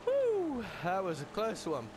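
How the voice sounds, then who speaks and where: A young man giving excitable let's-play commentary, yelling and laughing at the game with mild slang. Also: medium pitch, normal speed, background noise. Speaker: gamer.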